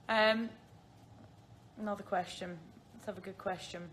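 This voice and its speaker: Bright-voiced chatty British woman. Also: medium pitch, slight background noise. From Isle of Man. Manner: chatty, self-deprecating, laughs often. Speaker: host answering viewer questions. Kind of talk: casual chat on a phone livestream.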